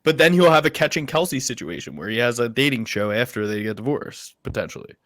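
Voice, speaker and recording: A young man co-hosting a podcast, playful and quick to laugh during friendly banter. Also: mid-range voice, animated, a bit bright. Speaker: podcast co-host. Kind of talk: casual chat, fight picks.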